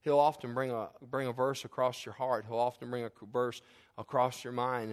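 A middle-aged male pastor preaching a sermon, telling lively family stories and then easing into a soft, hushed close. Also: mid-range voice, normal speed. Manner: animated storytelling that drops to a soft, hushed close.

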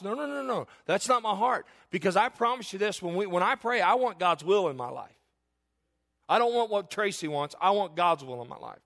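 A middle-aged man preaching from the pulpit, telling a story from his own life. His voice sits a little high for a man and he is earnest, swinging between loud emphatic declarations and quiet, hushed passages. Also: lively intonation, fairly quick, gravelly. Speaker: pastor. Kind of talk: sermon with personal story.

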